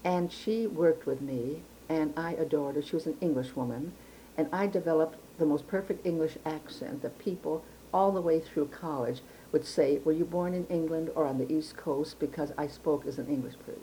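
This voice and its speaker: An older woman from Chicago looks back on her life in an interview, her voice low and mellow. She talks in a careful, precise way and often restarts her sentences. A faint hiss sits under the recording. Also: moderate pace, poor audio. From Chicago, United States. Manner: reflective, precise storytelling with frequent restarts. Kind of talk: oral history interview.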